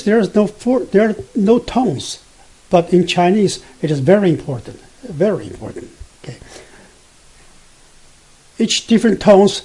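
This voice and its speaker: A man gives a beginner language lesson at an unhurried pace. His voice is mellow and a little husky, with plenty of fillers and restarts as he spells out letters. He draws out each sounded tone with care. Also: high voice. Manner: slow, careful explanation with frequent fillers and self-corrections; drawn-out demonstration of tones and spelled-out letters. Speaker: Mandarin teacher.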